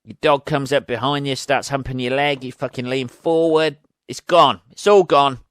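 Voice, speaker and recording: A man's voice: medium pitch, steady tone, normal speed, fairly bright tone, smooth, no room sound, studio quality. A man hosting a podcast, rambling through a crude comic monologue and laughing at his own jokes. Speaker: podcast host. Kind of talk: casual comedic monologue.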